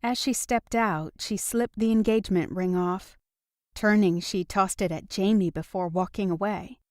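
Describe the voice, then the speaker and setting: This scripted romance audiobook is read by a woman in a calm, measured manner. Her voice is mid-range, captured in studio quality without any room sound.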